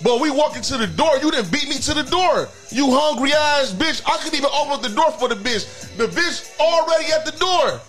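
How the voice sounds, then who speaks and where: High pitched guy running a crude call-in comedy show, loud and rambling, music in the back. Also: lively intonation, brisk, hardly any pauses. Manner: brash, insulting, rambling. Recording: background music throughout.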